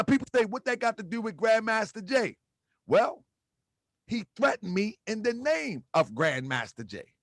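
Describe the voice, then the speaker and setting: A man's voice: a little high, no echo, studio quality. A man hosting an exposé commentary, talking casually with slang and hammering points with repeated rhetorical questions. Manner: repetitive, emphatic, rhetorical questions. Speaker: channel host. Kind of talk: exposé commentary on video clips.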